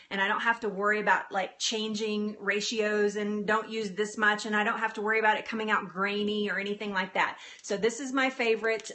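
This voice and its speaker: A chatty woman walking viewers through a baking demo live from her small home kitchen, with a voice of ordinary middle pitch. She laughs easily, calls out greetings to viewers, and often trips over her words before correcting herself. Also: sharp tone. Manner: flustered, with frequent restarts and self-corrections. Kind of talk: casual live cooking demonstration.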